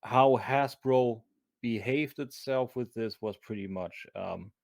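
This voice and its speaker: A man with a German accent, a podcast guest talking in a halting, casual way with many restarts. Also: medium pitch, gravelly, dry recording, clean studio sound. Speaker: podcast guest, convention vendor. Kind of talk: casual chat.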